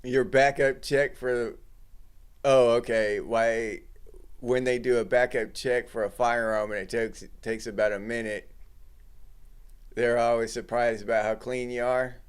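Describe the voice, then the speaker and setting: Middle-aged guy hosting a morning livestream, slow easy talk, clean smooth voice, chatting with viewers. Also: mid-range voice. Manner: relaxed, chatty, reads and greets chat viewers. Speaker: livestream host. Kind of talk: casual livestream chat.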